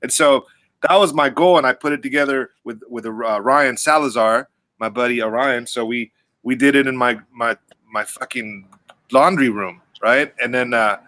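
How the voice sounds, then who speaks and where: A man in a band chats casually with his bandmates, loose, joking and profane. His voice is bright and forward, and the sound is dry and close. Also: medium pitch, moderate pace, no room sound. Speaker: band member co-hosting a livestream. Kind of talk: casual chat.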